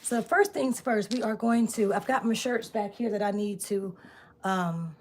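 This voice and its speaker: A chatty woman hosts a casual craft live stream from her home workspace. She talks loosely and warmly with viewers, greeting them by name and asking them to subscribe. A faint hiss sits under the phone recording. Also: mid-range voice, a little slow. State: out of breath. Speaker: live-stream host making t-shirts.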